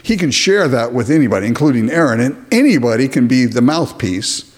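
Animated man preaching a sermon. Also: medium pitch, a little fast. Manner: animated, acts out dialogue, chuckles often. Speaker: pastor.

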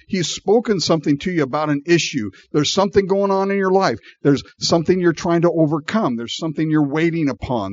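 A man's voice: on the high side, no echo, lo-fi sound. A man preaching a sermon in a conversational way, acting out the people in the story and laughing often. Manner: animated and conversational, acting out voices with frequent laughs. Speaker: pastor.

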